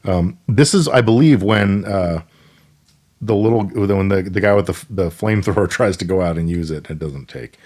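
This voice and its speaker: A man's voice: sits low, moderate pace. Laid-back man co-hosting a podcast. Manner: relaxed, agreeable, many short backchannels. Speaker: podcast co-host. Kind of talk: casual movie recap chat.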